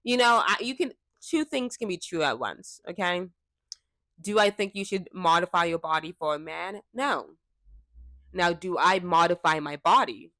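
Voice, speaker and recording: A young woman talking casually and frankly to a fixed camera, chatty and quick to laugh. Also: on the low side, animated, pushed and bright, no room sound, studio quality. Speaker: vlogger. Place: indoors, seated before a fixed camera. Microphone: camera mic.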